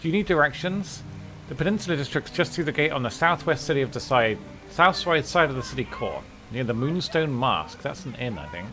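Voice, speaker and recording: A man's voice: mid-range voice, sing-song, a little fast, bright, forceful tone, faint music behind. A man voicing a frightened young woman from a video game town, stammering and pleading for help. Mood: anxious.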